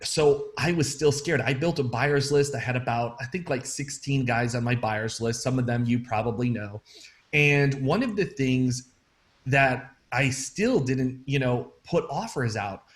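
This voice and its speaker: Energetic man telling stories. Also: medium pitch, a little slow, echoey room. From Fall River, Massachusetts. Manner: energetic storyteller, says "man" often. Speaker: interviewee. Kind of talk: casual interview.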